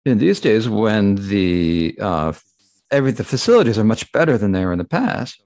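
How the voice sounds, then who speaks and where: A man interpreting a Buddhist Dharma talk aloud, halting, with frequent restarts and fillers. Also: lowish voice, very animated, darkish tone.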